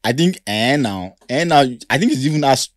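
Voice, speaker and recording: A man's voice: mid-range voice, lively intonation, no echo. A man from Nigeria with a Nigerian accent, co-hosting a podcast in casual chat, often restarting his phrases. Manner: quick, restarts phrases, slips into pidgin. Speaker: podcast co-host.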